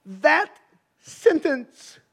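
A man's voice: very high voice, big pitch swings, very slow, vocal fry. A man preaching a sermon in a fervent, emphatic way, repeating phrases for stress.

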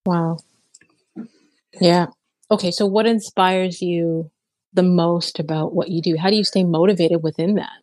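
A woman's voice: lowish voice, steady tone, measured pace, long pauses, darkish tone, no room sound. A woman hosting an interview, affirming her guest and laughing along with her. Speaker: podcast host, interviewer. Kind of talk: casual interview conversation.

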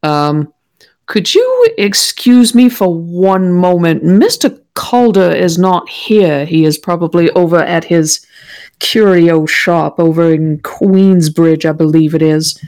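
A composed lady of the house answers her door with stiff courtesy, as a woman puts her on. Her voice sits very low, and her formal phrases come with small hesitations. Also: animated, a little mellow. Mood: gracious. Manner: formal, gracious, slightly halting.

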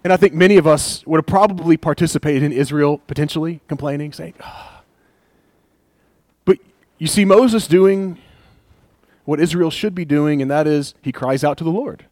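Animated preacher, lively and dry. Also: male voice, a little high, no room sound. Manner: animated, acts out voices of complainers with laughs. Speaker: pastor. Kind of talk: conversational sermon.

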